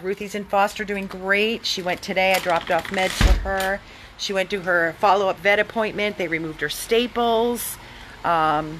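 A woman's voice: medium pitch, background noise. Woman cooing at her rescue dogs. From Florida. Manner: cooing baby talk to dogs. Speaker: dog rescue volunteer. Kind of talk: casual talk to dogs and viewers.

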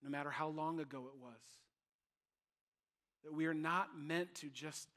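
Male pastor, bright upper voice, emphatic sermon delivery. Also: fairly high pitch, a little slow. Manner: animated, emphatic preaching.

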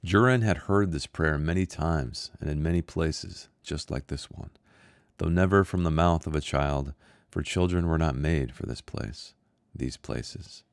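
Deep-voiced man reading a short story. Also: vocal fry, no room sound, studio quality. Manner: measured, somber narration. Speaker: author and host. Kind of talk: reading his own short story aloud.

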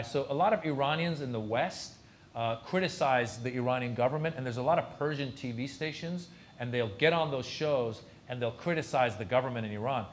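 Male comedian telling a story at a talk, animated, does the other people's voices, mid pitch. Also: a little hiss or hum. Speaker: comedian guest at a university lecture. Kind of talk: storytelling anecdote in a Q&A.

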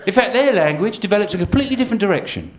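A man doing a live stand-up routine on a comedy stage, with deadpan asides between acted rants. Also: high voice, racing. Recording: live album with loud crowd laughter and noise.

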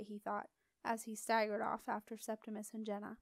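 A woman reading a children's storybook aloud with expressive, lively storytelling. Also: mid-range voice, moderate pace, gravelly, dry recording. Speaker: audiobook reader. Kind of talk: storybook narration.

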